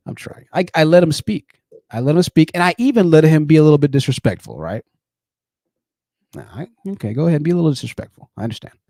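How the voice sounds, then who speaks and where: A man's voice: a little high, lively intonation, fast, mellow, dry recording, clean studio sound. A man hosting a live-streamed call-in show, combative and sarcastic, often repeating phrases for emphasis. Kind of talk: live stream commentary with callers.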